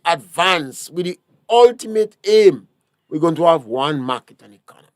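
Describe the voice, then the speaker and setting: A man's voice: fairly high pitch, animated, normal speed, no echo, clean studio sound. A man with a Grenadian accent, a talk show guest, lecturing emphatically with rhetorical questions. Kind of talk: political talk show discussion.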